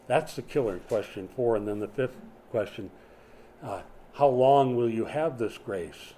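A man in his sixties, a pastor, preaches a conversational sermon in a small church during a power outage, asking his congregation questions. His voice is medium-pitched and warm, his pace measured, with a faint hiss or hum in the background.

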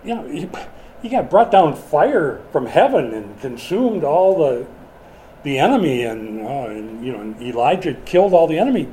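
A man's voice: fairly high pitch, very animated, moderate pace, mellow, slight background noise, poor audio. A middle-aged man preaching a sermon in a conversational way, asking the congregation questions as he goes. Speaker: pastor.

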